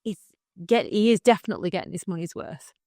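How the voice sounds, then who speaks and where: A middle-aged woman chats as a podcast co-host, telling stories with lots of laughter. Her voice sits at a middle pitch and sounds close and dry, with no room around it. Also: quick pace, dry recording. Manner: chatty, laughs often, animated storytelling. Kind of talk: casual chat.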